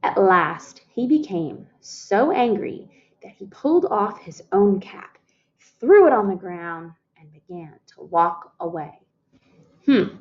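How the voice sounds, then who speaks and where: A woman reading a picture book aloud to children, expressive, calling her listeners "friends" and asking them questions. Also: medium pitch, dull audio. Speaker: storytime reader.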